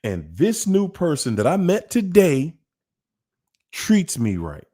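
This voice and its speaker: Emphatic man with a lively, mellow voice. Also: a little high, slow pace. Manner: emphatic, repetitive, preachy delivery. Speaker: host. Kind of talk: casual monologue on relationships.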